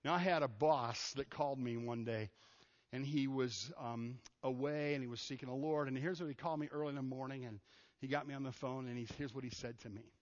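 A man preaching a casual, lively sermon, acting out the people he quotes. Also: medium pitch, a little fast. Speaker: pastor. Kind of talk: conversational sermon. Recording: muffled sound in a reverberant hall.

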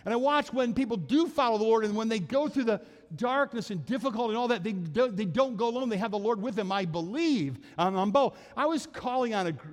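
A man's voice: high-pitched, expressive, fairly quick, few pauses. An older man preaching a sermon as pastor, telling earnest, folksy stories from his own life. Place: church sanctuary. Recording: long church hall reverb.

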